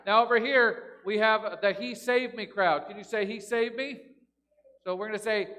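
A man's voice: sits high, steady tone, normal speed, bright, forceful tone. A man leading a playful children's talk in church, joking and chanting call-and-response lines. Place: large church sanctuary. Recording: long reverb of a big church.

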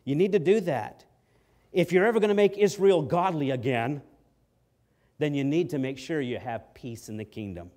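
A man's voice: a little high, moderate pace. Man preaching an emphatic sermon. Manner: emphatic preaching that swings between soft and loud; acts out quotes from the story. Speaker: pastor.

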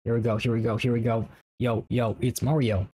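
A man's voice: mid-range voice, little pitch movement, brisk, mellow, slightly rough, lightly acted. Man doing a playful cartoonish plumber, fake Italian accent, bouncy chant. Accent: put-on Italian, badly done. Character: cheery Italian plumber Mario, playful and excitable.

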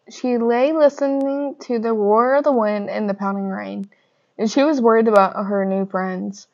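Young woman, storybook reader, lively and gentle, muffled lo-fi sound. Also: on the high side. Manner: lively storybook reading with gentle character voices. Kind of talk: reading a picture book aloud. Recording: dull lo-fi recording.

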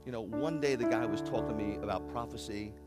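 A man's voice: on the low side, fast, loud music behind the voice. A man in his fifties, a rabbi, preaching a conversational sermon in an earnest way, often repeating and restarting phrases. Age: 50s.

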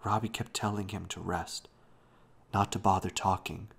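A man slowly reading a children's novel aloud as a bedtime story at home, often hushed. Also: low-pitched, level tone, vocal fry, slightly rough. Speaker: reader.

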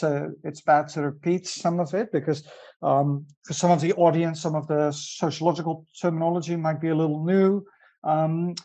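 A man's voice: a little high, mellow. A man hosting a live online discussion, interviewing an author, speaking hesitantly with many fillers. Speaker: host and interviewer.

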